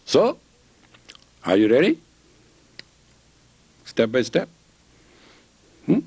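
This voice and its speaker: A man's voice: medium pitch, huge pitch swings, extremely slow, a little mellow, slightly rough. Man teaching with jokes and stories. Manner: storytelling, joking, acts out both sides of dialogues. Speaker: spiritual teacher and counselor. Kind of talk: lecture with anecdotes, then guided meditation.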